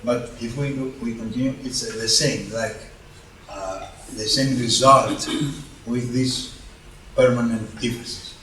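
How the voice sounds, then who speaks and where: A man teaching Byzantine chant in a workshop, explaining slowly and carefully and often chanting note names. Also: medium pitch, fairly even intonation, sharp tone. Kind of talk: workshop lesson. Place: parish hall. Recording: roomy hall, distant mic, faint hum.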